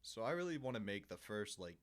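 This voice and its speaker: A man talks in a relaxed, dry, deadpan way, pitching ideas to the others. His voice sits fairly low. He keeps an easy, conversational tone. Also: brisk. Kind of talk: casual comedic chat.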